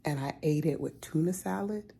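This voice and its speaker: A woman's voice: sits low, normal speed, creaky, mellow, husky. A woman vlogger talking casually about food, sometimes dropping into a whisper. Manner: chatty, drifts into whispers. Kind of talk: casual vlog chat.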